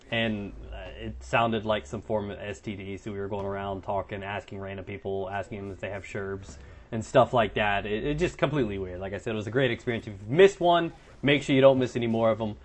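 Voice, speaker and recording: A man's voice: on the low side, fairly even intonation, fairly quick. A young man doing casual gameplay commentary, telling crude stories in a joking, rambling way and swearing a lot. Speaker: gaming commentator and streamer.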